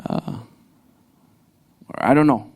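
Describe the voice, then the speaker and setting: Male preacher, halting delivery. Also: darkish tone. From Slovakia. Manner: halting, frequent restarts, non-native grammar, light laughs. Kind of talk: sermon. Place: church hall.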